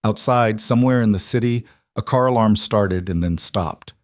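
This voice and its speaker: A man giving steady, unhurried scripted narration of a romance story. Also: on the low side, dry recording, clean studio sound.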